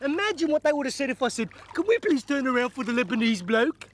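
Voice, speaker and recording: A cocky Australian castaway, played by a man, boastful and chatty. His voice sits very high for a man, with faint noise behind. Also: lively intonation, fast.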